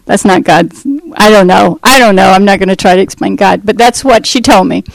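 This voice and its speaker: A woman's voice: mid-range voice, creaky, no room sound, rough recording. Earnest woman telling her testimony. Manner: earnest, conversational, halting with restarts and fillers. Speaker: speaker giving a testimony. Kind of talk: personal testimony storytelling.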